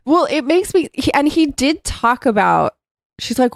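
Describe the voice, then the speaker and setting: A woman's voice: high-pitched, big pitch swings, measured pace, gravelly, dry recording, clean studio sound. A woman co-hosting a podcast, chatting animatedly about a book, laughing often and acting out the characters' lines. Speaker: podcast co-host. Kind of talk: casual book-discussion chat.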